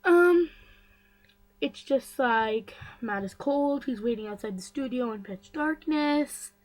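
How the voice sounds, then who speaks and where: A woman's voice: sits high, animated, slow pace, poor audio. Chatty woman recapping a story. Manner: chatty, filler-heavy, gossipy asides. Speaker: vlogger.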